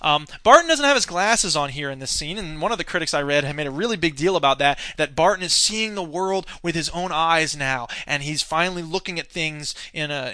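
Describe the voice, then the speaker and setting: A male teacher walks through a film scene by scene in a loose, unscripted lecture. He stalls often on "uh" and "um" while he digs through his notes. His voice is a bit high and bright, and the recording is dry and close. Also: no echo. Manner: hesitant, many fillers, searching through notes.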